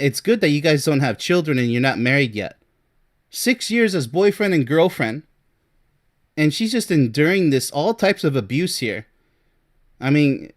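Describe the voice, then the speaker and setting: Emphatic man coaching on relationships. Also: fairly high pitch. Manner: emphatic, fires rhetorical questions, laughs in disbelief. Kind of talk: advice commentary on a reader's letter.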